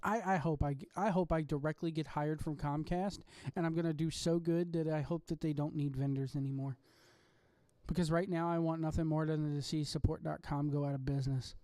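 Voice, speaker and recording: This podcast host rants in a loose, rambling monologue from home late at night, getting excitable and swearing freely along the way. The voice is mellow and dark in tone. It sits close and dry, with no room around it. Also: medium pitch, no echo. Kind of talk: casual ranting monologue.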